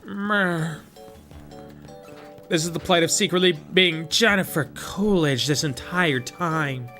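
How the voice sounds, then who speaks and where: A man putting on a dreamy, ditzy older woman's voice with a slow, soft, breathy drawl. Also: fairly high pitch, soft background music.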